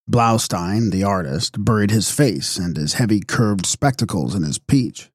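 A man narrating an audiobook in a measured, wry tone. His voice sits low, and the recording is close and dry with no room echo.

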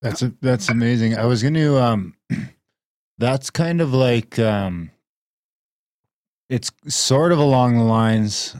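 A man co-hosting a podcast, halting and searching for words. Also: medium pitch, a little mellow, no echo, studio quality. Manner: halting, loses his train of thought.

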